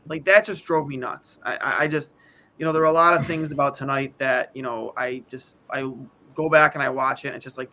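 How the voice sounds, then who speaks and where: A man with a high, bright voice co-hosts a casual hockey podcast. He rambles and vents in exasperation, tripping over stammered restarts as he goes. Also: brisk, slight background noise. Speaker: podcast co-host. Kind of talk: casual sports talk.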